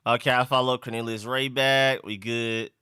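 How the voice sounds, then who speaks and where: Bright, crisp young man streaming. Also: medium pitch, level tone, normal speed, no room sound, studio quality. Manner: loose and conversational, reads out chat comments. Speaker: live stream host. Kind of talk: casual live-stream chat.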